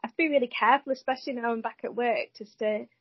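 A woman's voice: a little high, fairly even intonation, very fast, husky, no echo. A woman chatting candidly and hesitantly, with many fillers. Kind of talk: casual chat. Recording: dull lo-fi dry sound.

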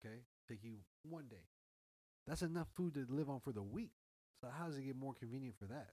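A man's voice: mid-range voice, a little fast, rough recording. A man telling a story in casual chat, swearing freely and acting out quoted dialogue. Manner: animated, profane, acts out quoted dialogue.

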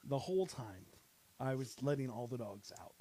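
A man's voice: medium pitch, expressive, normal speed, dark tone. A man hosting a podcast, freestyle rapping in a loose, rambling way and joking around with his guests. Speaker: podcast host. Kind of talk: freestyle rap then casual chat.

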